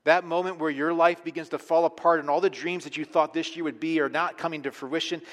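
A fairly high-voiced man preaching a sermon from the pulpit. He presses his points hard, then drops to a near hush. His voice rings out through the long reverb of a church sanctuary. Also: a little fast, few pauses. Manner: emphatic preaching, swinging between hushed and forceful. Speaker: pastor.

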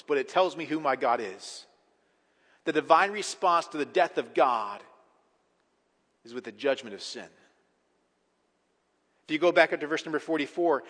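A male pastor preaching a sermon, swinging from hushed reflection to emphatic, rising delivery. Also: on the high side. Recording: long hall reverb.

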